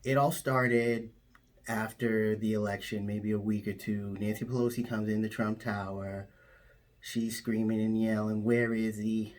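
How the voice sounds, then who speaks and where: A man's voice: on the low side, little pitch movement, unhurried. A man telling an absurd made-up story in a straight, matter-of-fact comic way. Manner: absurd tall tale told matter-of-factly.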